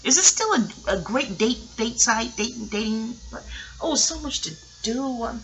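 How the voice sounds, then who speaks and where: Sassy, animated middle-aged New woman. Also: fairly high pitch, measured pace. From New York. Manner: profane, digressive, sassy. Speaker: TV recap vlogger. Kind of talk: casual rambling monologue.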